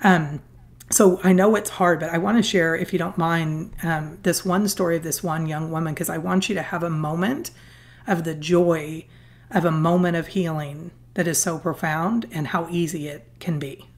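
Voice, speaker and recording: A woman guest telling a story in a podcast interview, earnest and animated, often restarting her sentences. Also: lowish voice, normal speed. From Southern California. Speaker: guest, foundation founder.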